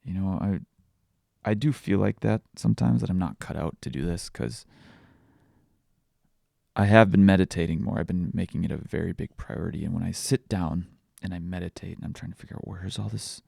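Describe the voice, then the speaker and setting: A man's voice: low voice, a little fast, creaky, mellow, dry recording, clean studio sound. A young man hosting a podcast, telling candid, self-deprecating stories in a confessional, casual way. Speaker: podcast host. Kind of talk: casual personal podcast talk.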